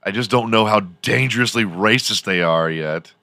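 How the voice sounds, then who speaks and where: Guy podcast host rambling thru a story, keeps laughing, swears a lot, kinda low voice, bright edge. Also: normal speed, dry recording. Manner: rambling, profane, laughs often while telling a story. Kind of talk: casual solo storytelling.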